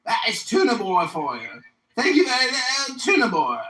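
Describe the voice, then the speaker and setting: A man in his forties from the United States, a political candidate shouting taunts and insults in a heated online argument. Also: extremely high pitch, huge pitch swings, normal speed, reverberant, recorded from a distance, rough recording. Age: 40s.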